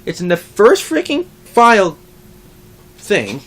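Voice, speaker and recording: A young adult vlogger in a casual rant to camera, animated, swearing a lot and mocking others. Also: medium pitch, takes it slowly.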